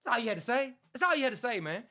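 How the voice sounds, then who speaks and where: A man's voice: very high voice, very animated, rapid-fire, sharp tone. A middle-aged man hosting a casual sports talk show, ranting bluntly and profanely about boxing, saying "man" constantly and getting heated. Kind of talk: casual boxing commentary rant.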